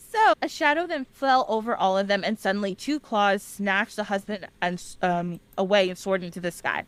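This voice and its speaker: A woman podcast host retelling a legend in a casual, animated way, often laughing and talking straight to listeners. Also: mid-range voice, moderate pace, few pauses, smooth. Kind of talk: casual storytelling.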